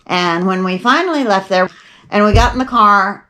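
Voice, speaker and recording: A woman's voice: mid-range voice, expressive, normal speed, bright, forceful tone. Older lady rambling through stories, wry and chatty, voice swings up and down a lot. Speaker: podcast host. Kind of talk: rambling casual storytelling.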